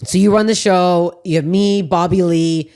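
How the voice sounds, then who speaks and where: A woman's voice: fairly low pitch, fairly even intonation, moderate pace, mellow. A woman hosting a comedy podcast, chatting brashly with a guest, swearing often and jumping between tangents. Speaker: podcast host. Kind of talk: casual comedic chat.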